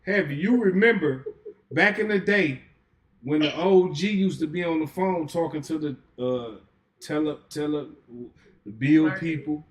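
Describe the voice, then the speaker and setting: A man's voice: a little high, unhurried. Podcast host man cutting in to speak. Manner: keeps cutting in to take the floor, storytelling. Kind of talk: podcast panel discussion.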